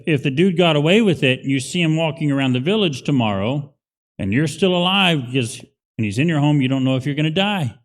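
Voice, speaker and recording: A male pastor preaching a conversational, emphatic sermon in a church. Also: a little high. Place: church sanctuary. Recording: long hall reverb.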